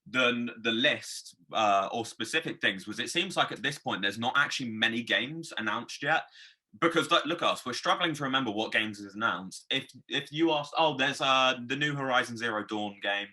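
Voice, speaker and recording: A man's voice: mid-range voice, lively intonation, normal speed, sharp tone. A man hosting a podcast interview, friendly and hesitant, often repeating his words. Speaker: podcast host.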